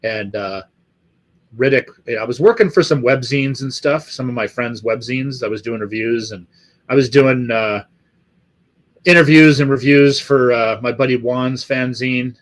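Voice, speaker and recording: A man's voice: medium pitch, unhurried. Middle-aged la guy rambling on a live stream, swears constantly, lots of uh and um. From Los Angeles area. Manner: rambling, profane, many fillers. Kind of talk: casual chat to live chat.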